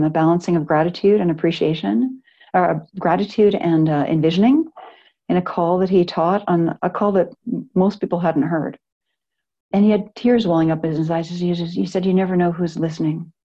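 A woman's voice: lowish voice, fairly even intonation, moderate pace, warm tone, highs cut off. A middle-aged woman, a yoga teacher, talking to a live class in an earnest, rambling way with many restarts.

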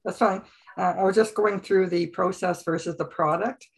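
A woman student sharing an insight in class, speaking slowly and thoughtfully. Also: on the low side, fairly even intonation, creaky.

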